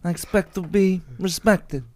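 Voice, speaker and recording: A man voicing an old Italian-American mafia don, slow, formal and aggrieved. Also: high voice, no room sound, pitched above the performer's own voice. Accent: Italian-American mobster, put on.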